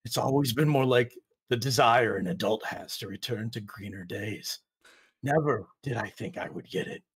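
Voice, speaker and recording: A man voicing a spiteful male serpent-man villain in a low, rumbly, whispery, hissing voice, slow and gloating. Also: breathy edge.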